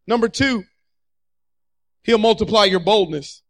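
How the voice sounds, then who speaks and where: A man with a strikingly high voice delivers a fervent sermon. He works the congregation with call-and-response, repeating his key lines and pushing the crowd to answer back. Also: normal speed. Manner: energetic call-and-response preaching, repeating phrases. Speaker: preacher.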